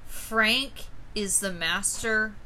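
Bright, unhurried woman co-host, faint noise behind. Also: mid-range voice. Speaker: podcast co-host. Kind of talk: casual chat.

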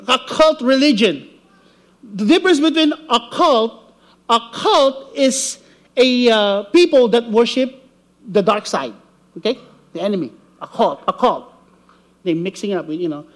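A man preaching with an unusually high voice, lively and playful, who keeps tossing out "okay?" to the room. His delivery stops and restarts as he works through his points. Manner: animated, jokey, checks in with "okay?" and "right?". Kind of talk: church teaching with slides.

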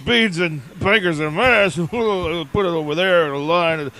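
A man doing an impression of a bumbling older male football announcer, halting and stammering with lots of "uh". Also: high voice, pushed and bright, pitched below the performer's own voice, heavily acted. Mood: rambling.

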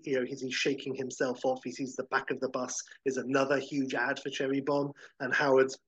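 Podcast host, husky, dry close mic, rambling comic pitch narration. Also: male voice, no room sound, muffled recording. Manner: casual and rambling, full of "like" and "uh".

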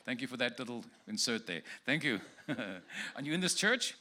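A man preaching in a church, speaking prophetic words over people in the congregation one at a time. His voice is bright and forward, and he moves easily between joking and earnest blessing. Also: mid-range voice, expressive, moderate pace. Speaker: guest preacher.

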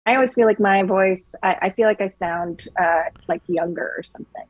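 A woman's voice: medium pitch, fairly quick, no room sound, low-quality recording. A woman interviewing podcast guests, speaking hesitantly with frequent restarts. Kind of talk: casual conversation.

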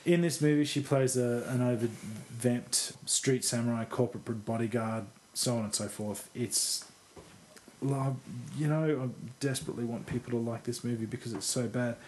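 A man's voice: mid-range voice, steady tone, normal speed, darkish tone, a little hiss or hum. A man co-hosting a podcast, chatting casually about a film he likes, rambling and self-deprecating, with casual swearing. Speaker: podcast co-host. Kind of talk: casual film review chat.

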